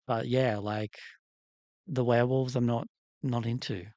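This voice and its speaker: A man's voice: medium pitch, fairly even intonation, measured pace, darkish tone, dry recording, dull audio. A man hosting a livestream, chatting casually in a rambling, candid way while he works on a doll. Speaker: livestream host.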